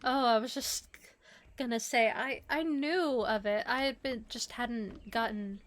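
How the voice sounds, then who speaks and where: Slow-talking woman, giggly gamer host. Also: fairly high pitch. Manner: giggly, unhurried, relaxed. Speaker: streamer and host. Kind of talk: casual chat while gaming.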